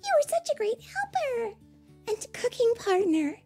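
A woman voicing Little Red Riding Hood, a caring young girl, in a high, insistent storybook voice. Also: very animated, unhurried, darkish tone, soft background music, full character voice. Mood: grateful.

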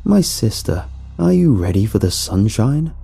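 A man voicing a brash, violent young man in a sewer crew who talks loud and cocky. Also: on the low side, very animated, a little slow, vocal fry, husky, faint music behind, full character voice. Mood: mock pastoral. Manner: loud, cocky, mock-preachy.

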